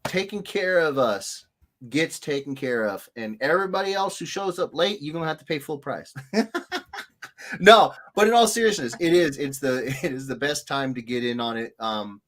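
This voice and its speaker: A man hosting a casual livestream, jokey and animated as he greets viewers. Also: fairly high pitch, normal speed. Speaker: host.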